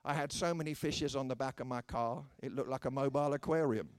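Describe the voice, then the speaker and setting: A British man with a medium-pitched voice and British English accent preaches a humorous sermon at a quick pace, his tone clean with no echo. He tells anecdotes and acts out the voices of the people in them, with dry, self-mocking wit.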